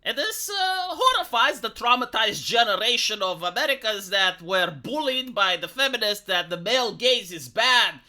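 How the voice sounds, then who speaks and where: A man's voice: sits high, animated, moderate pace, hardly any pauses, pushed and bright. A man hosting a livestream, commenting in a sarcastic, rambling, mocking way. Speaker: livestream host.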